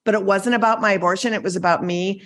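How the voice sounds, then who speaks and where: A woman's voice: mid-range voice, steady tone, fast talker, a bit bright. A woman co-hosts a podcast in a mid-range voice. She talks frankly and emphatically and swears casually. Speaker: podcast co-host.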